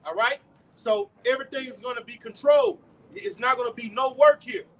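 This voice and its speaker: High-voiced man preaching outdoors. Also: animated, moderate pace. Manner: profane, asks the crowd rhetorical questions. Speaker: street preacher. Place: outdoors on a street. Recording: distant mic, faint street noise.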